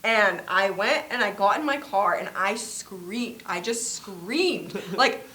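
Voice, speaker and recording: A woman's voice: medium pitch, lively intonation, slow, sharp tone. A young woman co-hosting a podcast, chatting casually and telling a story animatedly, with lots of filler words and acted-out quotes. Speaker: podcast co-host. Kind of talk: casual chat.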